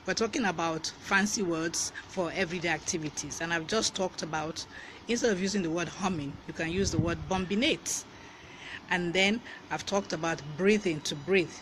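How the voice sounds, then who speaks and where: Nigerian guy on a live stream, high bright voice, chatty and laughing, traffic noise behind. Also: moderate pace. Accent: Nigerian English. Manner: lively, greets viewers by name, laughs often. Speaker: live-stream host teaching vocabulary. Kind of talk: casual live-stream lesson.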